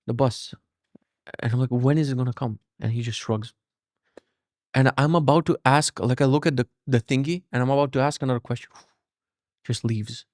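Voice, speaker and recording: A man in his thirties hosting a podcast, telling a story as a casual rant, animated, cursing freely and mocking himself. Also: medium pitch, no echo, clean studio sound. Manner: animated, profane, self-mocking. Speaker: podcast host.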